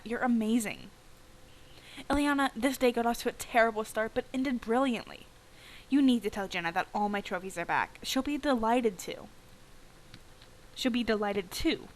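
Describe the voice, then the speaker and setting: A woman's voice: on the high side, natural voice, low-quality recording. A fiercely competitive young rider in a game speaks in rising, disbelieving exclamations, as a woman reads her. The voice sits a little above the reader's own. It lifts sharply on surprised questions. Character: competitive teenage girl rider, intense.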